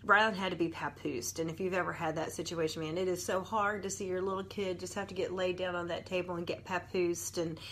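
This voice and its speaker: A woman's voice: fairly low pitch, fairly even intonation, fairly quick, hardly any pauses, a bit bright, a little hiss or hum. A woman, a nurse and mother telling a personal story as an earnest, conversational devotional talk.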